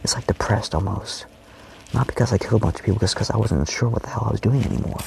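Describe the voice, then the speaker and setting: A low, gravelly male voice talking on and on in a loose personal monologue, heavy with swearing and restarts. He keeps slipping into hushed, breathy whispers. A faint hiss of noise sits under the recording. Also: very fast. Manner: profane, rambling, often dropping to a whisper. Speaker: vlogger.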